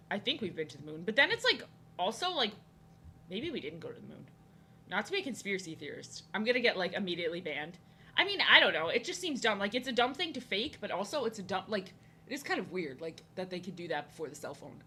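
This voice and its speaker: A woman's voice: mid-range voice, bright, forceful tone, slight background noise. A young woman from the United States chatting casually while she draws on a live stream, rambling and making fun of herself. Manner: rambling, self-deprecating, jokey. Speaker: art streamer.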